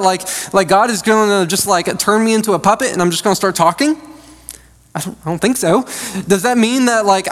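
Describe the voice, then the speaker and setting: Thirtysomething guy preaching, pretty high voice, chatty and jokey, long echo off a big church room. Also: fairly bright tone. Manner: conversational and joking, with frequent restarts. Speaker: pastor. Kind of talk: sermon. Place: church sanctuary. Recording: long reverb of a large hall.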